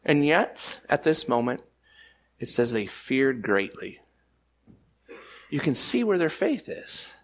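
A man preaching a sermon as pastor, with animated delivery, repeated restarts and swings between loud emphatic lines and quiet ones. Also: medium pitch, slow, long pauses.

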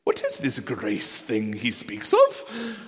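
A man's voice: brisk, creaky, heavily acted. A man voicing curious, awestruck six-winged angels with an odd accent. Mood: wondering. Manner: high, excited, with an odd accent. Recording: long hall reverb.

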